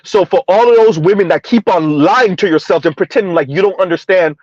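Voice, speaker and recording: A high-voiced man delivers sarcastic reaction commentary with heavy emphasis. He slows down to stress phrases and keeps checking in with a rhetorical "huh?". The recording is dry and a little muffled. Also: a little mellow, dry recording. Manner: emphatic, sarcastic, drawn-out repetition with frequent "huh?". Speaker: commentary channel host. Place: South Florida.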